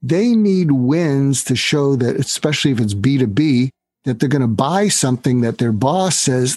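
A man talking as a guest expert on selling and negotiating, animated and acting out bits of dialogue as he explains. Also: normal speed, slightly rough, no echo. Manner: animated, acts out dialogue with raised pitch for quoted lines. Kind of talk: explanatory interview talk.

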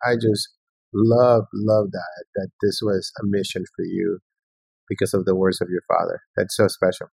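A man's voice: low-pitched, level tone, moderate pace, gravelly, a little mellow, slightly rough, dry recording, poor audio. A middle-aged man hosting a casual interview, enthusiastic and prone to repeating his phrases. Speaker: podcast host.

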